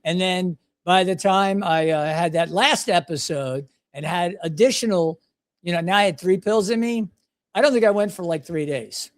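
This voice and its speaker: Older male podcast host, slightly high voice, chatty and self-deprecating. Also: moderate pace. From United States. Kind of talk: casual storytelling.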